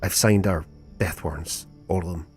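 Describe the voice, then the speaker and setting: A man in a put-on Scottish accent playing a paralyzed, guilt-stricken man reading his final letter aloud, slow and sorrowful. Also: low-pitched, steady tone, soft background music, pitched below the performer's own voice, natural voice. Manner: slow, sorrowful, fading to quiet.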